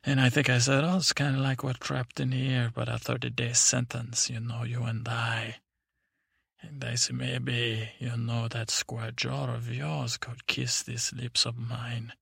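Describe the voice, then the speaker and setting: A man's voice: mid-range voice, little pitch movement, a little slow, gravelly, a bit bright, husky, dry recording, studio quality, heavily acted. A man voicing a rambling woman superhero with a thick Eastern European accent and broken English, in a sleep story.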